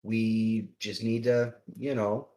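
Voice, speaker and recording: A man's voice: fairly low pitch, flat delivery, takes it slowly, darkish tone, slight background noise. A man voicing a tired, wary adventurer who talks casually, swears and jokes dryly. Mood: wry. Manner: casual, swearing, dry humor. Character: wary, wry male adventurer, tired and grumpy.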